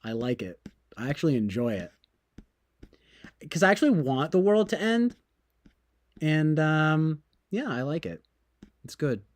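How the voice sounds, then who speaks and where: A man's voice: a little high, sing-song, a little slow, pauses often, no room sound. A man streaming, talking casually in a sarcastic, mocking and rambling way.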